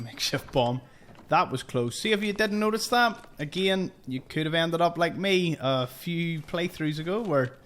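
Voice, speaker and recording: A man's voice: fairly high pitch, a bit bright, a little hiss or hum. A man giving chatty, joking let's-play commentary. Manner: chatty and jokey. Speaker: gaming youtuber.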